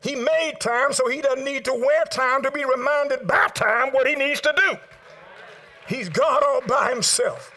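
An older male pastor with a strikingly high voice delivers a sermon. He works the congregation with call and response, lifting into sung exclamations and then sinking to quiet asides. He tells his listeners to write his points down. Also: a little slow. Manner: rhythmic call-and-response preaching, swings from loud sung exclamations to low murmurs; addresses congregation directly, asks them to write down points. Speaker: preacher.

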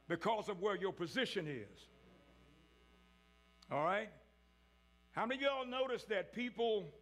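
A male preacher delivering a sermon, with call-and-response preaching that rises into shouts. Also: high-pitched.

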